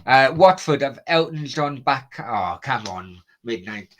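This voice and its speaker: A man's voice: mid-range voice, animated, unhurried, rough recording. Sweary man rambling about football. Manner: sweary, rambling, reads out viewer comments. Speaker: livestream host. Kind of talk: casual late-night football chat.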